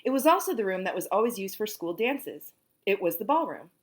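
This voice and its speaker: A woman reading a children's book aloud, animated and singing out the sound effects herself. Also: medium pitch, fairly quick. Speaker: storyteller.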